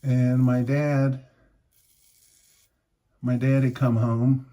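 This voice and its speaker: Male vlogger, 50s, mid-pitched, casual and rambling storyteller who chuckles while reviewing shaving gear. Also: level tone, extremely slow, dark tone, highs cut off.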